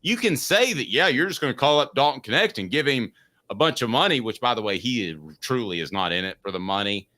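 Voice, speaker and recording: A man hosts a sports talk show, making his case with opinionated, emphatic rhetorical questions. His voice is bright and forceful, and his pitch moves a lot as he presses each point. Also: expressive, fairly quick.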